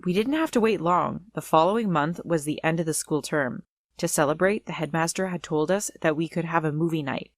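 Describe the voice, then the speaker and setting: A woman narrates a first-person storytime tale with a plain, earnest delivery. Her voice sits slightly low for a woman, even and unhurried. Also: no echo.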